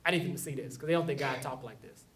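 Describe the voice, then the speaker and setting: A man's voice: medium pitch, very fast, a bit bright. A male pastor preaching a sermon in a conversational way, laughing now and then and acting out quotes. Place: church sanctuary. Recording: echoey room, mic at a distance.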